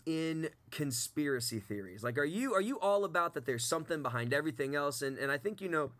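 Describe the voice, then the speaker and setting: A man hosting a radio show, bantering in a fast, playful and campy way with his co-hosts in the studio. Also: fairly high pitch, animated, a bit bright.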